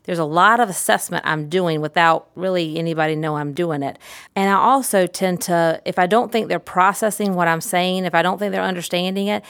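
A middle-aged woman therapist explains her methods in a lively, demonstrative way, leaning hard on key words. Her voice sits a little low. The recording is close and dry, with no room sound. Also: a little fast, smooth, dry recording. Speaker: pediatric therapist. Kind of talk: instructional talk.

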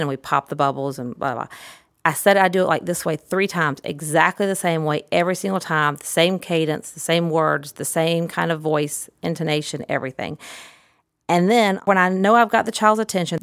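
A middle-aged woman therapist explains her methods in a lively, demonstrative way, leaning hard on key words. Her voice sits a little low. The recording is close and dry, with no room sound. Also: no room sound. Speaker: pediatric therapist. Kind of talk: instructional talk.

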